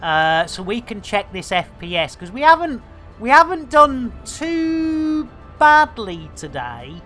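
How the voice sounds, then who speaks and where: A woman's voice: a little high, big pitch swings, slow, fairly bright tone, soft background music. A middle-aged British woman streaming a game, chatting with viewers in jokey, slangy banter. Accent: British English. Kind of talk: casual live commentary while playing.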